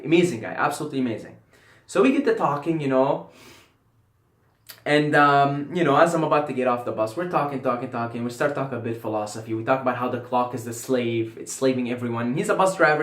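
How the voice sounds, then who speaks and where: A man's voice: medium pitch, fairly bright tone. A man giving a casual philosophical monologue to camera as a vlogger, rambling and repeating phrases for emphasis with casual swearing. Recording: roomy echo.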